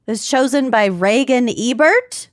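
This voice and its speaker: A woman's voice: a little high, unhurried. A woman co-hosting a true crime podcast in casual chat, laughing often as she tells stories. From Upper Midwest US. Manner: giggly, animated storytelling. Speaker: podcast co-host.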